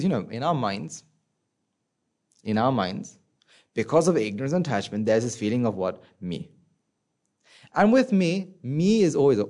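A man giving a conversational Buddhist dharma talk, often asking the listeners questions and acting out inner voices in a soft, low tone. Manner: conversational, asks the audience rhetorical questions. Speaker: Buddhist teacher.

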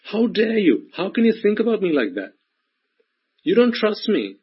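A high-pitched, aggrieved child's voice, put on by a husky-voiced man, whining and stammering in protest. The sound is dull and lo-fi, with the top end missing. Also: big pitch swings, normal speed, full character voice. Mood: offended. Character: indignant child protesting to a parent. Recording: dull lo-fi recording.

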